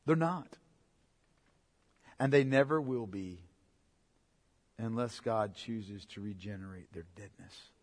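A man preaching an expository sermon, emphatic and repetitive, swinging from loud declarations to hushed asides. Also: fairly low pitch, slow, pauses often, in a large hall. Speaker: pastor.

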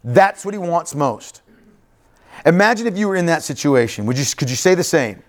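Animated man preaching a conversational sermon. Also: fairly high pitch, normal speed. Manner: conversational preaching, frequent "right?" asides and repeated phrases. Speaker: pastor.

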